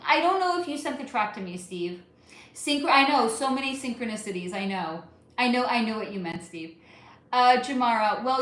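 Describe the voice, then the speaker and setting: A woman's voice: on the high side, fairly bright tone. A woman hosting a casual livestream and reading out chat comments. She rambles and hesitates, swearing casually. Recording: very echoey room.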